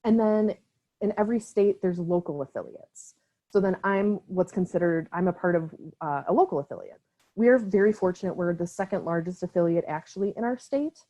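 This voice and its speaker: A woman's voice: on the low side, fairly quick, dark tone. A young woman from Wisconsin with an Upper Midwest accent gives an online training talk for a mental health nonprofit, speaking casually with many fillers and a frequent "right?". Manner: casual, filler-heavy, often tags "right?". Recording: slightly dull lo-fi call audio.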